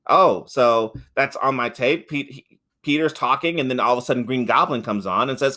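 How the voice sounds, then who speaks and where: A man's voice: medium pitch, normal speed, pushed and bright. Sex: man. Role: podcast co-host. Style: casual chat. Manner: rambling, swears often, acts out quotes. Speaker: podcast co-host reviewing a film.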